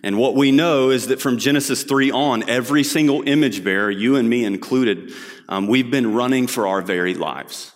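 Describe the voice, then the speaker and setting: A man's voice: medium pitch, normal speed, in a large hall. A man preaching a sermon, opening in prayer and then telling stories in an earnest, conversational way with frequent fillers. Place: church sanctuary.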